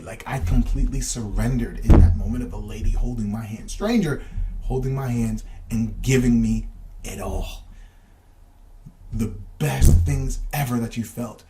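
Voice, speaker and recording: Mellow-voiced man telling a personal story. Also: medium pitch, a little hiss or hum. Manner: casual, rambling, with many restarts and fillers; addresses listeners directly with reflective questions. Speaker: podcast host.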